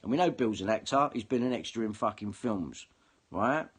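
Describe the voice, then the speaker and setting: A man's voice: lowish voice, expressive, normal speed, slightly rough. A man ranting to camera, swearing heavily and combative, often repeating himself. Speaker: online video commentator. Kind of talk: angry ranting monologue to camera.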